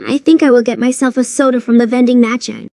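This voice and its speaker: A synthetic woman's voice playing a hot-tempered, foul-mouthed young female pony in cartoon dialogue, speaking in an even, machine-like rhythm. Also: a little high, fast, no echo, studio quality, close to an everyday voice. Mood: angry. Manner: swears constantly, demanding.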